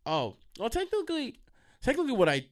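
A man's voice: medium pitch, brisk. A young man hosting a college radio show, rambling casually and profanely, getting heated and jumping off track. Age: young adult. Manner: profane, excitable, jumps off track. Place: college radio station studio.

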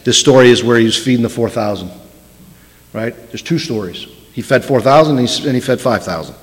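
A man's voice: mid-range voice, brisk. Man, rabbi, sermon, emphatic, restarts, echoing hall. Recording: long hall reverb.

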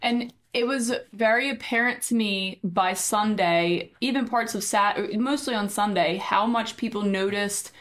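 A podcast co-host with a medium-pitched voice tells a hectic story in casual chat, speaking unhurriedly with few pauses. Her storytelling is animated, and she acts out the dialogue people said.

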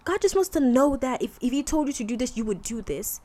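A woman's voice: fairly high pitch, expressive, moderate pace, hardly any pauses, mellow. Candid woman in casual faith talk. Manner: candid, conversational, colloquial with frequent fillers. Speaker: podcast host.

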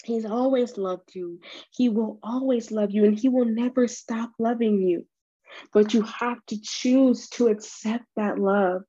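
A woman hosting a devotional podcast, speaking slowly and earnestly straight to the listener with encouragement. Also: a little high, mellow, muffled recording. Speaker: podcast host.

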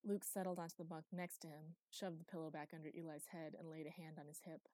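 A woman narrating an audiobook in an even, quiet reading voice on a close mic. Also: low-pitched, fast, dry recording. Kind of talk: scripted narration.

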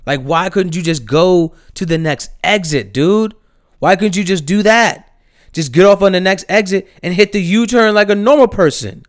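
A young man with a New Jersey accent rants in slangy, profane street talk. His voice is smooth and resonant, recorded close and dry. He drops to low mutters, then jumps to loud, exasperated outbursts. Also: normal speed, no echo. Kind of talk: casual opinion rant.

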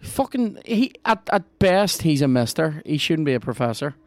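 A man with a Northern Irish accent, hosting a podcast and commenting on a video game in a sweary, excitable, jokey way. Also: fairly high pitch, moderate pace, no room sound. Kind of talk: casual gameplay commentary.

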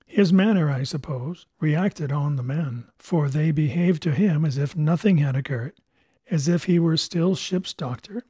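A man giving measured, expressive first-person narration of an adventure book. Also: a little high, husky, dry recording, studio quality. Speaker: audiobook narrator.

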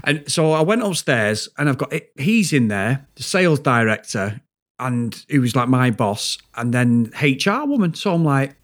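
A man's voice: mid-range voice, normal speed. A man telling a story in casual podcast chat, swearing a lot and acting out what people said. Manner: animated, swearing, acts out quotes. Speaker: guest storyteller.

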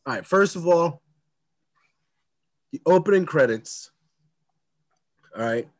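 A man's voice: on the high side, expressive, takes it slowly, dry recording. A man co-hosting a podcast, talking in a loose, rambling way and laughing often during a casual chat about a movie. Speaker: podcast co-host.

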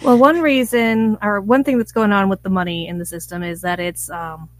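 A woman's voice: mid-range voice, fairly even intonation, normal speed, no echo. A woman on a podcast panel, in a casual group discussion, blunt and matter-of-fact.

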